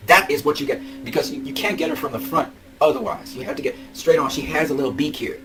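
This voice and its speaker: In a noisy vlog, a young man with a slightly high voice and fairly even intonation gushes over collectible figures at a fast clip. He laughs, shouts, and repeats himself, giving excited commentary as a toy collector.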